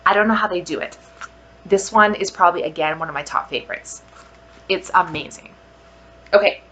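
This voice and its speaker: A woman vlogger giving a casual product review, gushing with drawn-out exclamations and soft whispered asides. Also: fairly low pitch, slight background noise.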